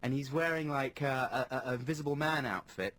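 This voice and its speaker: A man co-hosting a radio show in a studio, telling stories in casual, animated banter. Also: medium pitch, fairly quick. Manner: animated storytelling with lively shifts in tone. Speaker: radio co-host. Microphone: studio microphone.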